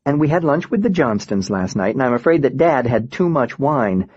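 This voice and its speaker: A man's voice: mid-range voice, big pitch swings, normal speed, a little mellow, slightly rough, dull audio. A man voicing a chatty middle-aged mother talking on the phone, in a light, chattering way.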